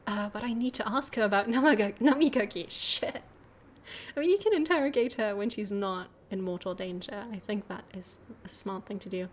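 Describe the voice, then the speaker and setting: A woman's voice: medium pitch, brisk, a little hiss or hum. A woman streaming a game, chatting casually, laughing and swearing as she plays. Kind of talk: let's play commentary.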